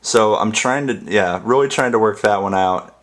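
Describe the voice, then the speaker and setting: A man's voice: fairly low pitch, moderate pace. A young American man chatting casually on camera at home, rambling with many fillers and restarts. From United States. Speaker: ASMR vlogger. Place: apartment.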